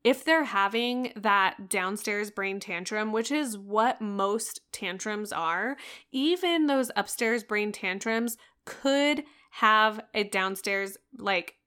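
A woman's voice: mid-range voice, slow, pushed and bright, clear, resonant tone. A woman in her thirties hosting a parenting podcast, talking straight to listeners in an earnest, coaching way. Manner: earnest, coaching, direct address. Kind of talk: solo podcast advice talk.

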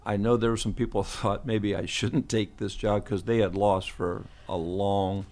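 A man's voice: on the low side, little pitch movement, normal speed, a little mellow. A man in his seventies, a veteran football coach, telling chuckling, rambling stories as an interview guest in a podcast studio. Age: 70s. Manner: chuckling, rambling anecdotes with restarts. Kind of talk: storytelling interview.

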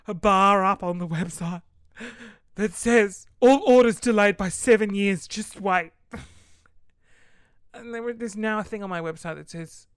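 A woman's voice: fairly low pitch, a bit bright, smooth, dry recording, studio quality. A young woman who runs a small online shop, chatting casually to camera in a chatty, exasperated way and often laughing mid-sentence.

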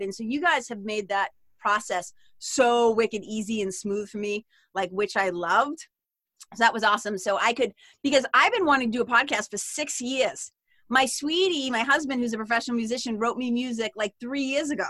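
A woman with a Boston accent, chatting as a podcast guest in a lively, rambling way with frequent laughs. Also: on the high side, brisk, no room sound. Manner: chatty and animated, given to tangents and laughter. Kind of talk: casual interview chat.

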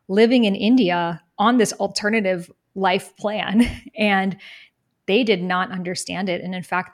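A young adult woman, a guest in an interview, telling her life story in an earnest, reflective way and briefly acting out other people's words. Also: mid-range voice. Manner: earnest, reflective, animated when quoting others. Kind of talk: personal storytelling in conversation.

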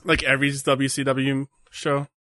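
A man's voice: mid-range voice, little pitch movement, normal speed, sharp tone, no room sound. A man in a casual watch-along chat who laughs often and answers with dry, laid-back remarks. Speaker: co-host.

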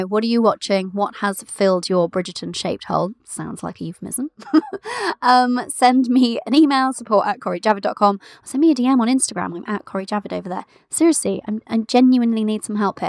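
A woman's voice: medium pitch, no room sound, clean studio sound. A woman in her thirties hosting a casual solo podcast, chatty and giggly, calling listeners "my love". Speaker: podcast host and business coach for mothers.

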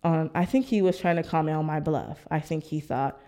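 With a low, warm voice and a brisk pace, a woman in her 30s candidly tells her personal story in an interview. She reflects on it and acts out the lines of the people involved.

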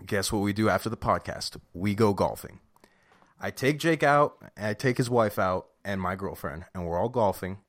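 A man's voice: on the low side, normal speed. A young man co-hosting a podcast, boasting and needling his friend in casual banter. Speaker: podcast co-host.

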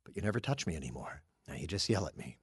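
An actor playing a clingy, passive-aggressive male digital assistant in a scripted audio comedy, speaking in a mild, deadpan way. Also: a bass voice, fast talker, breathy edge, dry recording, full character voice. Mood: tender. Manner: deadpan, mild and dry, turning plaintive.

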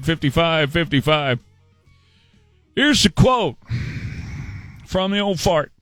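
A man's voice: high-pitched, fairly bright tone, dry recording. A man hosting a talk radio show, mocking and repetitive as he hectors his listeners, speaking from a studio mic. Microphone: studio microphone.

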